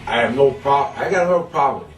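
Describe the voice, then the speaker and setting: A man's voice: mid-range voice, expressive, brisk, distant mic, faint music behind. Interviewee, man, loose, blunt storyteller; roomy sound with the mic set back. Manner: rambling, blunt, quotes himself. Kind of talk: casual storytelling. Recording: echoey room, away from the mic.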